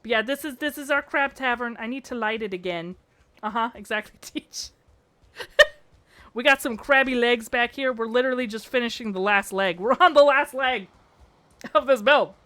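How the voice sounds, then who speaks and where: A young woman live-streaming, chatting casually with her chat in a bubbly, slangy way that bursts into excited shouts. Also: on the high side, normal speed.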